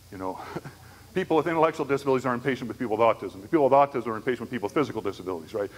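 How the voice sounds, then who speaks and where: A man giving a conversational church conference lecture on disability ministry, telling stories and checking in with the audience. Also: medium pitch. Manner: conversational, storytelling with frequent "right?" asides. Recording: echoey hall, faint background noise.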